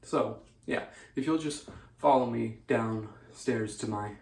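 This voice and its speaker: A man's voice: medium pitch, slow pace, creaky, darkish tone. A man making a gaming video, talking in a playful, self-mocking, chatty way. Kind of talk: casual video talk. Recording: echoey room with faint noise.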